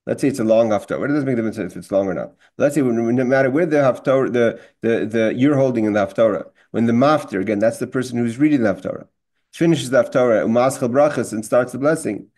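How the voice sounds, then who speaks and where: A man's voice: mid-range voice, mellow. A man teaching a Torah class who reads Hebrew lines from a text and explains each in plain English, with frequent restarts.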